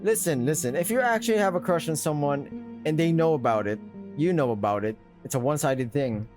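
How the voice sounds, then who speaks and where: Animated man reacting to a game. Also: a little high, a little fast, over music. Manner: animated, swears while reacting. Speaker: gaming video host. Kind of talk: reading a visual novel aloud with reactions.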